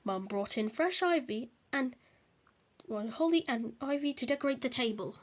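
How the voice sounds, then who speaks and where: Bright high-voiced woman reading a storybook. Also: moderate pace. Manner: lively, reading with small restarts and voices. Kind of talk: reading a children's book aloud.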